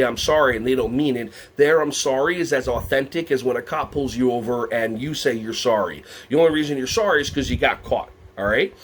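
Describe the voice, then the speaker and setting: A man presenting a teacher workshop, talking to a live audience, asking them questions and acting out quotes in high put-on voices. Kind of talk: lively teacher workshop talk.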